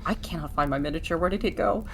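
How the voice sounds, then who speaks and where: A man's voice: a little high, fast talker, vocal fry, a bit bright, slight background noise. A man playing a tabletop game online, flustered and apologetic in casual chat. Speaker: player.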